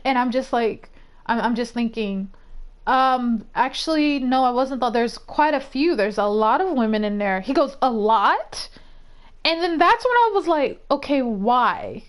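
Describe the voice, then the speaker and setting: A woman streamer telling a story in a casual, profane, animated way, rising to heated outbursts. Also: high voice, normal speed, clean tone. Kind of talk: casual storytime while gaming. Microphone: desk microphone.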